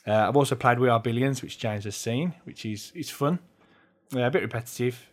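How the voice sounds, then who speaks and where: A man's voice: mid-range voice, brisk. A man co-hosting a podcast, giving rambling, casual explanations with plenty of fillers. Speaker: podcast co-host. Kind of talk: casual chat.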